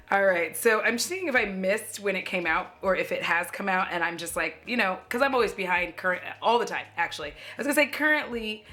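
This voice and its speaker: A bright, clear-toned American woman talking to camera in a loose, joking vlog style. She rambles, swears casually and laughs at herself as she reviews makeup. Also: medium pitch. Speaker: beauty YouTuber.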